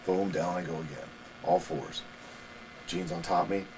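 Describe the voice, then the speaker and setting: A man telling wrestling stories as a guest in a shoot interview, animated and laughing as he goes. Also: deep voice, normal speed, crowd noise, rough recording. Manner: animated, laughing anecdotal storytelling.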